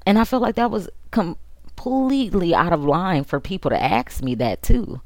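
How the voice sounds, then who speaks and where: A woman hosts a podcast and tells her own story candidly, with quick asides and plenty of feeling. Her voice sits very low. The recording is dry and close, with no room sound. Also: expressive, darkish tone, no echo. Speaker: podcast host.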